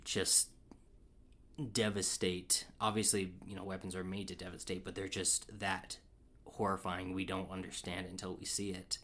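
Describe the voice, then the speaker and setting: Low-voiced rambling man chatting. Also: normal speed. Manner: excitable, rambling with many fillers and restarts. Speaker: podcast co-host. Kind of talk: casual film review chat.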